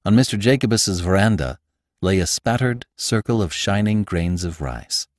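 A man with a fairly low voice narrates a classic story, and his pitch moves freely through the lines. The studio recording is dry and close. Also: moderate pace, dry recording. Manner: expressive storytelling. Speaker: audiobook narrator and podcast host. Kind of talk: scripted narration.

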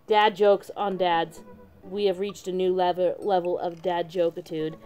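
A woman's voice: lowish voice, level tone, unhurried, a little mellow, faint music behind. A woman giving joking, playful commentary while playing a story game. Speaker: game streamer. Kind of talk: let's play commentary.

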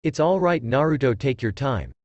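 A man voicing a gruff older male mentor who switches between gentle and snarling. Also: medium pitch, lively intonation, no room sound, lo-fi sound, close to an everyday voice. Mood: intense. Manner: gentle yet quick to snarl.

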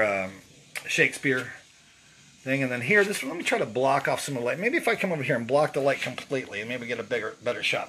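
A man's voice: mid-range voice, bright, forceful tone, a little hiss or hum. A middle-aged man casually walking through his own painting, rambling with lots of fillers and restarts. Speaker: painter showing his artwork. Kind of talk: casual walkthrough commentary.

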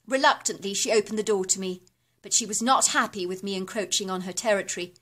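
A woman reading a first-person horror story aloud in a steady, descriptive storytelling manner. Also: mid-range voice, fast. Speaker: narrator.

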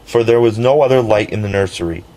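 A man narrating a classic children's story in a measured, gentle reading style. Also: lowish voice, low-quality recording. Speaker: audiobook narrator.

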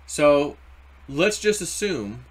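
A man hosting a casual crypto market commentary, rambling and animated, acting out quoted voices as he goes. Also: a little high, slow pace. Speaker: crypto video host.

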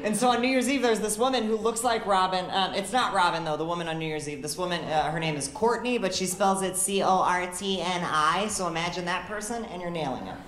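A young woman from Illinois performing a stand-up set in a comedy club, telling stories with dry delivery and quick impressions of the people in them. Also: lowish voice. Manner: dry storytelling, quick animated impressions of others. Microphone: handheld stage mic. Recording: echoey club with audience noise.

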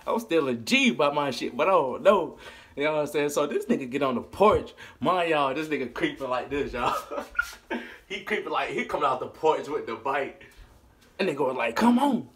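A man telling a funny story about his youth in a casual, animated, profane way, laughing as he goes. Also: on the high side, brisk, a little hiss or hum. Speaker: vlogger.

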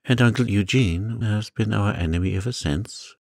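A man voicing a gentle, sad mother. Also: fairly low pitch, moderate pace, gravelly, no echo, clean studio sound, voice pushed up.

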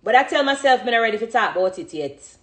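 Talking fast in a fairly high-pitched voice, a Jamaican woman in her thirties hosts a casual phone live stream. She stays chatty and animated, reading comments aloud as viewers send them in.

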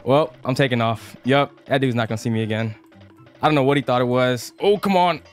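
A man hosting a gaming video, commentating and role-playing casually, excitable and heavy on slang, often laughing. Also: mid-range voice, fairly quick, soft background music.

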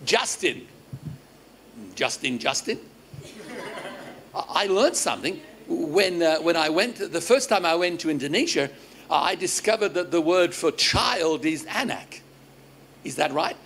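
An Australian man preaching at a church service, his voice sitting notably high. He speaks slowly, in unhurried phrases. He trips over restarts, slips in jokes and tosses questions to the congregation. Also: expressive, fairly bright tone. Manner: restarts words, jokes, quizzes the audience. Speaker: pastor. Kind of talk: lively sermon to a congregation.

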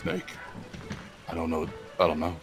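Low-voiced joking man commenting on gameplay. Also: moderate pace. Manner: joking banter, mock-reads game text. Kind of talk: live-streamed gameplay chat. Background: game music.

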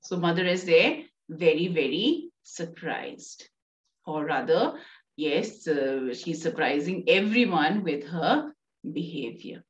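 A woman's voice: low-pitched, animated, takes it slowly. A woman teacher with an Indian English accent explaining a play to a class in a coaxing way, often checking in with "right?". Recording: distant, roomy, dull sound.

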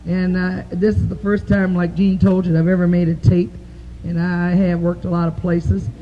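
A woman's voice: lowish voice, little pitch movement, normal speed, dull audio. A woman telling crude, folksy jokes in a drawl on a live stand-up stage, full of "you know". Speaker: stand-up comedian. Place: live club stage before an audience. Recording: old tape recording, faint hiss.

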